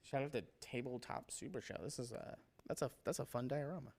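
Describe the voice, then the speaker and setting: A man's voice: medium pitch, a little fast, vocal fry, a little mellow. A man hosting a casual livestream, rambling with enthusiasm and tripping over names as he talks through fan work. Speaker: livestream host showing painted miniatures.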